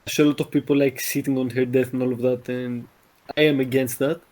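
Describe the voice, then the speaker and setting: A man's voice: medium pitch, flat delivery, fast talker, a crowd in the background. A man co-hosting a podcast, chatting casually over a voice call with offhand, joking remarks. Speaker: podcast co-host.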